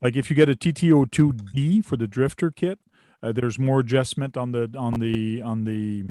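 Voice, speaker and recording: Dry-sounding chatty host. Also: male voice, mid-range voice, normal speed, no room sound. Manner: relaxed, chatty, explains with many fillers. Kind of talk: casual group chat.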